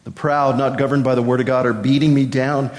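A man's voice: medium pitch, little pitch movement. Earnest male preacher in a reverberant hall. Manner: earnest, emphatic preaching with repeated words and slow stressed phrases. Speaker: pastor. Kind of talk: sermon.

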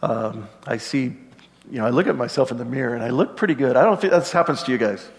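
A middle-aged man preaching a sermon in a relaxed, conversational way, dropping joking asides to the congregation. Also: medium pitch, fast, big-room sound. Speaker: pastor.

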